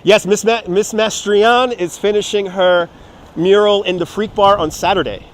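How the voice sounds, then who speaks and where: A man's voice: high-pitched, fairly even intonation, moderate pace. A man, livestreaming outdoors at an amusement park from a phone, chatting casually, cursing and laughing while reading viewer messages. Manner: rambling, profane, laughing, reads out viewer chat. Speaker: live streamer. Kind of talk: casual walking livestream chat. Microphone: phone on a handheld gimbal.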